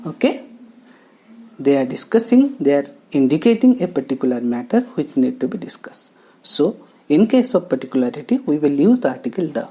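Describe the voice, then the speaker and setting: A woman teaching English grammar, talking slowly and explaining each step with pauses. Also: low voice, sing-song, dark tone. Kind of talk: classroom lesson narration. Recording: faint background music.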